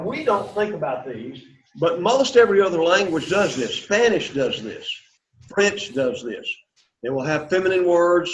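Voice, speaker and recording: A man whose voice is on the high side teaches an introductory Greek class, encouraging his students and having them repeat words aloud during the lecture. The lo-fi classroom recording carries slight background noise.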